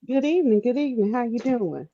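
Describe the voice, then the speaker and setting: A woman's voice: on the high side, lively intonation, fast, dark tone, no echo. A woman from Chicago calling into a live stream, talking earnestly and gratefully with many ums. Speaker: caller. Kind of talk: casual call-in chat. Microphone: remote call line. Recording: dull call-in audio.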